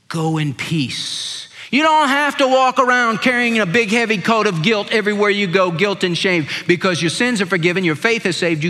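Older guy preaching, pretty high voice, fired up then slow and low on the bible verses, echoey big hall. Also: bright, forceful tone. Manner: impassioned preaching, voice dropping low and slow for scripture. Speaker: pastor. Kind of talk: sermon.

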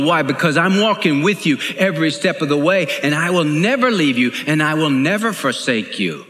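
Earnest male preacher with a raised pitch, heard in a reverberant church. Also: animated, moderate pace, few pauses, fairly bright tone. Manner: earnest, emphatic, repeats phrases. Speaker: pastor. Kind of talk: sermon. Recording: echoey hall.

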